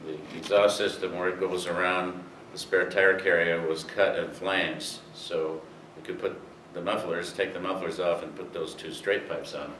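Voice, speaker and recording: A man's voice: deep voice, steady tone, normal speed, few pauses, fairly bright tone. An older man telling rambling racing anecdotes to an audience, with many fillers. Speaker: speaker telling racing history. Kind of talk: storytelling talk to an audience. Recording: roomy, distant, faint hiss.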